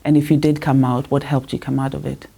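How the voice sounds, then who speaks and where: A woman hosting an interview, asking questions and adding quick supportive remarks. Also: very deep voice, flat delivery, gravelly, mellow, breathy edge. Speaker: interview host.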